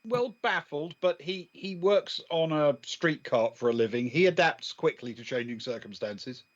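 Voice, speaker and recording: A man playing a tabletop role-playing game, speaking dryly and deadpan. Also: a little high, moderate pace, dull audio. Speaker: player. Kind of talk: casual tabletop game chat.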